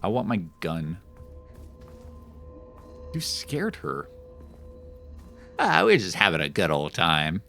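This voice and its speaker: Young guy streamer, lowish voice but super bouncy, chatty and jumpy. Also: takes it slowly, creaky, long pauses, faint music behind. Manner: animated, jumpy reactions, rambling anecdotes. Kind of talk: casual live game-stream chatter.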